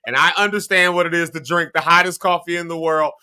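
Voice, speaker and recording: A man's voice: on the high side, fairly even intonation, quick pace, sharp tone, clear, resonant tone. A man hosting a morning show, chatting casually in a playful, theatrical manner.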